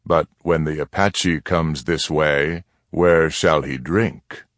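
A man reading aloud gives voice to a stern Apache chief in a storybook western. The chief talks in a very deep, slow, deliberate way, each phrase weighed and grave, with a dry, close sound. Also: fairly even intonation, dry recording. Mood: grave, measured.

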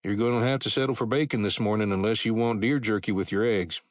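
A practical, insistent frontier wife, voiced by a male narrator, with her lines lifted a little higher than his own low voice. The reading is close and dry. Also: fairly even intonation, quick pace, no echo, natural voice.

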